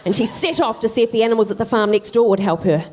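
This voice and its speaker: A woman's voice: a little high, fast talker, darkish tone. A woman comedian doing live stand-up, telling a comic story in a wry, self-deprecating way.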